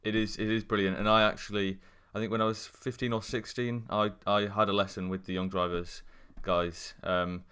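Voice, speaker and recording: A young man co-hosting a casual podcast, talking in a plain, measured way. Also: on the low side, level tone, fairly bright tone, smooth.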